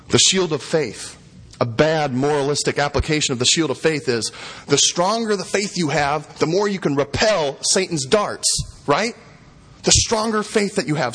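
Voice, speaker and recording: A middle-aged male pastor delivers a sermon in a fairly high, husky voice. He is emphatic and hammers his points home by repeating key phrases. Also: normal speed, a bit bright.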